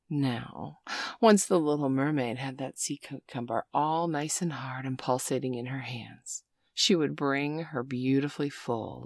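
A woman in whispered role-play, speaking slowly and coaxingly with pet names, close to the mic. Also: extremely low pitch, husky, dry recording. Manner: slow, coaxing, teasing, full of pet names. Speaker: audio role-play performer.

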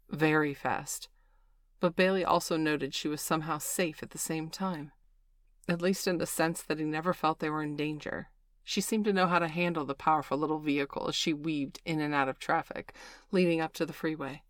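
A woman narrating an audiobook in a steady, even storytelling manner. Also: deep voice, normal speed, no room sound, clean studio sound.

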